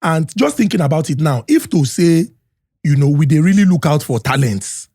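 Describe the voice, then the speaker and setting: A man's voice: a little high, big pitch swings, normal speed, dark tone, breathy edge, no room sound, studio quality. A man with a Nigerian accent hosting a podcast interview, chatty, mixing Pidgin and English. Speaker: podcast host.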